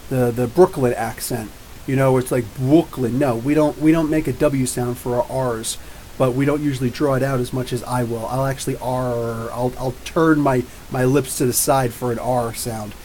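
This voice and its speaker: A man in his forties from New Jersey, hosting a live comics podcast and answering viewer comments in a rambling, jokey way, with drawn-out R's. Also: medium pitch, steady tone, darkish tone, slight background noise, rough recording. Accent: New Jersey with drawn-out Ohio-style R's. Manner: rambling, jokey, talks back to chat. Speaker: podcast host.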